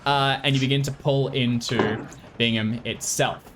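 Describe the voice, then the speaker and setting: A man's voice: medium pitch, fairly even intonation, measured pace, background noise. A man acting as game master, narrating a tabletop game in a casual, hesitant way.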